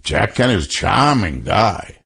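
A man's voice: on the low side, very animated, moderate pace, vocal fry, fairly bright tone, breathy edge. An older man with a Boston accent, telling a folksy anecdote in an interview. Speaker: interviewee, reporter's uncle. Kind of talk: storytelling.

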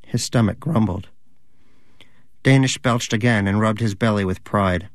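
A man's voice: fairly low pitch, a little slow, long pauses, no room sound. A man narrating a storybook reading in a dry, wry storytelling manner.

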